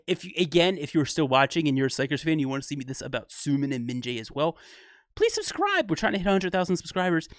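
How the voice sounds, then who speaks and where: Excitable man breaking down rap flows. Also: fairly high pitch, rapid-fire, few pauses, no room sound, clean studio sound. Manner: excitable, analytical, laughs often, self-corrects. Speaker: music reaction channel host. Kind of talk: casual rap breakdown commentary.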